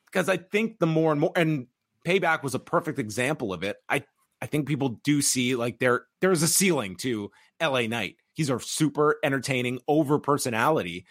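A man co-hosting a wrestling review podcast, speaking in a measured way with frequent restarts and fillers. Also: mid-range voice, expressive, fairly bright tone, no echo, clean studio sound. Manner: measured, repeats words, many fillers. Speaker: podcast co-host. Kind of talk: casual wrestling review chat.

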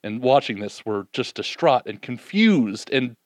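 Male preacher, mid-pitched, lively scripture retelling, dead-dry close recording. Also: no room sound. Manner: animated, voices the disciples' doubts, drops soft and slow for reflection. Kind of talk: sermon.

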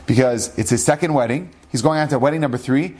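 A man, a rabbi, telling an inspirational story in a lively way that acts out the dialogue, with Hebrew and Yiddish words mixed in. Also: mid-range voice, fast, noisy background. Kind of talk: storytelling podcast.

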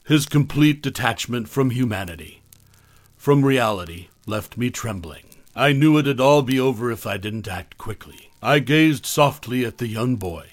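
A man narrating a first-person horror story in a measured, dramatic way. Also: medium pitch, expressive, no echo.

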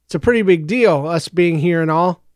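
A jittery teenage boy hero, read by a man, clipped and quiet, holding tight to his nerves. The voice is smooth and fairly high, close and dry. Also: normal speed, no room sound, natural voice. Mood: tense. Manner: tense and quiet.

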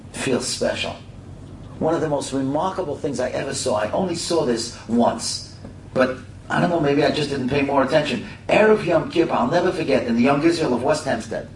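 A middle-aged man telling a heartfelt moral story, animated and acting out the voices. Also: fairly high pitch. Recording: roomy and distant with faint hiss.

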